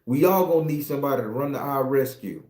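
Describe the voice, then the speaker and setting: Here the middle-aged Southern tarot reader talks fast, his medium-pitched voice a little mellow. Recorded in an echoey room, he gives a spiritual monologue full of preaching, profanity and confession.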